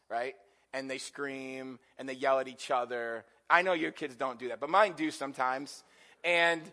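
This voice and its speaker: A man's voice: on the high side, pushed and bright. A middle-aged man preaching a sermon, his voice sitting a little above the usual male range. He talks to his congregation in a loose, conversational way and often stops to ask them questions. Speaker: pastor.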